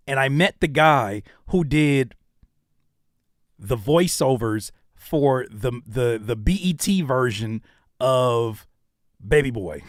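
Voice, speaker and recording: A man's voice: medium pitch, a bit bright, dry recording, clean studio sound. A man chatting casually on a live stream, giving feedback on music, rapping lines back and slipping into voice impressions. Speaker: rapper and producer reacting to viewer music.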